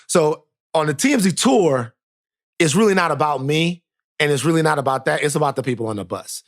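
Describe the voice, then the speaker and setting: Animated male podcast co-host. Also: fairly high pitch, a little fast. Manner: animated storyteller, repeats phrases for emphasis. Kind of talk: casual chat, animated storytelling.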